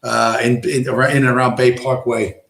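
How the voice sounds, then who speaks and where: A man's voice: medium pitch, little pitch movement, moderate pace, vocal fry, fairly bright tone, roomy sound. Rambling New man on a stream. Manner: rambling storyteller, acts out quoted tough-guy lines, swears. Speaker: live stream host. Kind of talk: casual rambling stream chat.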